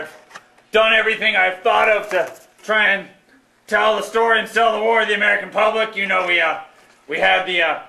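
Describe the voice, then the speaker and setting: A domineering, scheming adviser puppet from a live puppet show, voiced by a man. The voice is high and gravelly, with a bright edge, and it bounces around an echoey hall. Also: full character voice. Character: scheming male political adviser puppet, bossy. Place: hall in a labor center.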